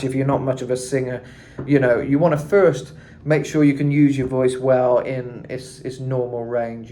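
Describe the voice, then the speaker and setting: A man's voice: medium pitch, darkish tone. A man giving a casual singing tutorial, chatting loosely with lots of fillers and asides. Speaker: vocal coach. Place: hot room indoors.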